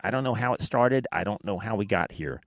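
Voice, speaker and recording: A man's voice: fairly low pitch, animated, brisk. A man with a Southern American accent hosting a casual podcast, telling rambling, self-deprecating stories. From Alabama, United States. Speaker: podcast host.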